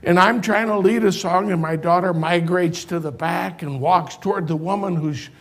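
An older man, a pastor, telling a personal story in a sermon, animated at first and later quiet and tender. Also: high-pitched, normal speed, hardly any pauses.

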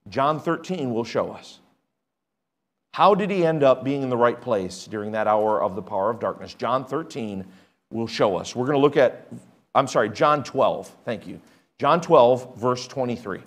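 A man preaching a sermon, reading scripture aloud and swinging between hushed, quiet points and loud, emphatic ones. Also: mid-range voice, lively intonation, moderate pace. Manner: reads scripture aloud in old-fashioned wording.

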